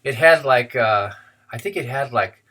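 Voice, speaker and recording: A man's voice: mid-range voice, lively intonation, measured pace, pushed and bright. A man telling a joke and then introducing himself in a chatty, playful way from his office. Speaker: co-president of a freethought organization. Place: his office, blinds closed.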